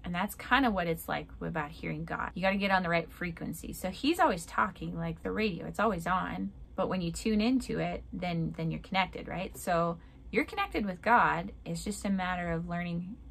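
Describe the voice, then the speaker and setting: A woman with a low, gravelly voice gives a chatty devotional talk. She fills her speech with "like" and slips into a chirpy tone when she acts out prayers. The delivery is informal and conversational, not a formal sermon. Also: moderate pace, fairly bright tone, a little hiss or hum. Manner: chatty, conversational, often says "like". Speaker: Christian speaker. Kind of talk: casual devotional teaching.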